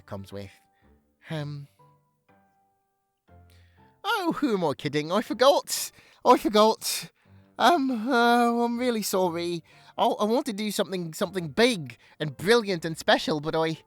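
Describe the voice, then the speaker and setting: A man playing a flustered, stammering skunk. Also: a little high. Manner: stammering, rambling, apologetic. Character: nervous scatterbrained male skunk bookshop owner. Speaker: boyfriend. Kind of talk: audio role-play to the listener.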